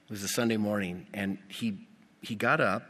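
A male pastor preaching a sermon, animated and putting rhetorical questions to his congregation. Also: on the low side, moderate pace. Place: church. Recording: long reverb of a church hall.

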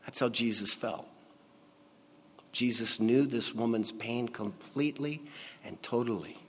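Male pastor, sermon delivery, unhurried and emphatic, hushed on key words; reverberant church hall. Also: mid-range voice, a little hiss or hum. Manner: slow and emphatic, dropping to a hush on key words.

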